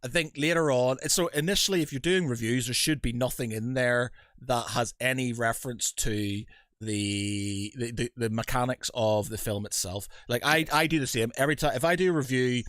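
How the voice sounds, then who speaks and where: A man hosting a casual podcast, telling stories in an animated way and acting out quotes with big jumps in his voice. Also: medium pitch, no echo, clean studio sound. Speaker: podcast host.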